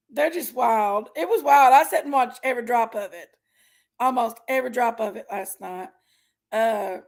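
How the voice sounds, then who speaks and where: A woman's voice: on the high side, creaky. A woman hosting a casual livestream, chatting in a folksy way and greeting viewers by name. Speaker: livestream host.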